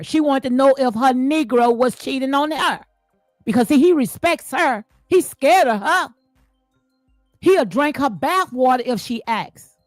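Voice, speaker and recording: High-voiced woman ranting blunt, aave slang, dry close mic, faint music behind. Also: no room sound. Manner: blunt, preachy, repeats herself, slangy. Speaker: commentary channel host. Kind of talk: casual reaction commentary.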